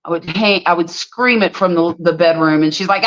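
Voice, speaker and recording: A middle-aged woman, hosting a casual livestream and chatting with viewers as an animated storyteller. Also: lowish voice, moderate pace. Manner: animated storyteller, exclaims freely. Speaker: livestream host. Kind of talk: casual livestream chat, reading viewer comments. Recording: slightly dull lo-fi stream audio.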